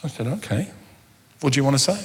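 A middle-aged man gives a humorous sermon in an animated, storytelling manner. He acts out little scenes of dialogue and plays for laughs. His voice sits at an ordinary pitch and carries a long reverb from the hall. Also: quick pace. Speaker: preacher.

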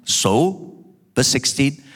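A man's voice: mid-range voice, drawn-out words, husky. Man preaching in a reverberant hall. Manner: animated preaching, acts out quotes. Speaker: pastor. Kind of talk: sermon.

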